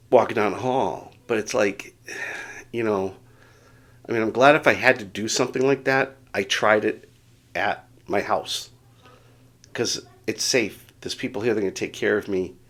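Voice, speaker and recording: A middle-aged man vlogging casually, telling a rambling story with chuckles and self-deprecating asides while getting over a bout of dizziness. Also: on the low side. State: recovering from dizziness.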